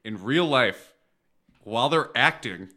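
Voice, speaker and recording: Bright, lively-voiced man bantering. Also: medium pitch, a little slow. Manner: loose, crude, chuckling banter. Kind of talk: casual podcast chat.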